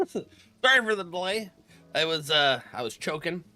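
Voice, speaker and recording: Bright-voiced man streaming a game. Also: on the high side, big pitch swings, measured pace, faint music behind. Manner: chatty, laughs often, clears throat. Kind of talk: casual live-stream chat.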